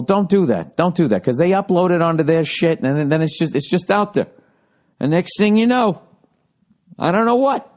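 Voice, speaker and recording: A man's voice: on the high side, darkish tone. A man hosting a podcast, telling a comedic story in a profane, ranting way. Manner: profane, ranting, heavy swearing. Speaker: podcast host.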